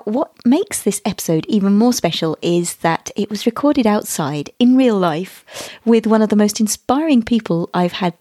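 A woman's voice: medium pitch, darkish tone, dry recording, studio quality. A woman hosting a podcast, enthusiastic and chatty as she introduces and interviews her guest. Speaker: podcast host.

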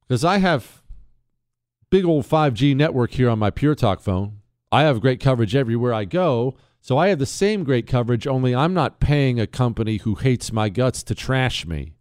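A brash, sarcastic man hosts a talk radio show from a radio studio, delivering a monologue, reading ads and listener mail, and laughing along. His medium-pitched, darkish voice is very animated at normal speed. It's captured on a studio mic with a dry, studio-quality sound.

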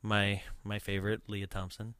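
A man's voice: lowish voice, monotone, normal speed, fairly bright tone, dry recording, clean studio sound. A man co-hosting a casual movie-review chat, joking and laughing often. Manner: laughs often, jokey and teasing. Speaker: podcast co-host.

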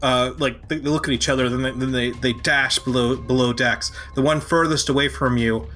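A man narrating as game master of a tabletop game, halting and full of fillers, now and then shouting short character lines. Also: mid-range voice, steady tone, soft background music.

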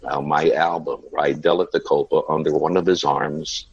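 A man's voice: a bass voice, flat delivery, moderate pace, creaky, husky, dry recording, highs cut off. A man, telling rambling stories as an interview guest, full of "you know" and "uh.". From United States. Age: 70s. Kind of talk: casual storytelling interview.

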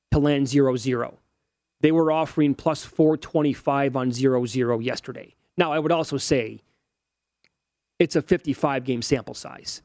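A man's voice: on the high side, darkish tone, dry recording. A man in his forties, co-hosting a sports betting show and working through odds and stats in casual chat. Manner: analytical, rattles off odds and stats.

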